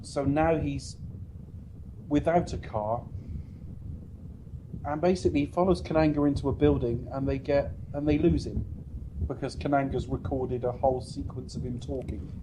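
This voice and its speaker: A man's voice: medium pitch, steady tone, moderate pace, pauses often, background noise. A man co-hosting a casual film review podcast, recapping the plot at length with dry asides. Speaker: podcast co-host.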